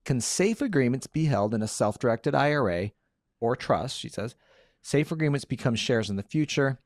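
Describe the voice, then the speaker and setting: A man's voice: medium pitch, expressive, moderate pace, dry recording, studio quality. A man hosting a casual podcast, answering listener questions in an upbeat, joking way. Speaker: podcast host and lawyer.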